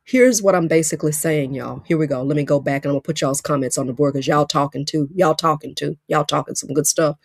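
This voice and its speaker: A female career coach gives a live-stream coaching talk in a preachy, emphatic style, repeating her phrases. Her low, creaky voice comes fast with barely a pause, and the recording is dry.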